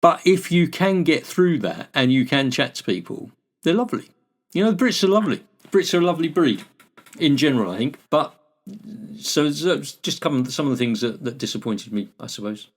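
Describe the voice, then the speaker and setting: A man's voice: a little high, lively intonation, a little fast. An older man from the United Kingdom, a podcast co-host, chatting casually and telling anecdotes. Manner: chatty anecdotal storyteller, acts out exchanges. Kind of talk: casual chat.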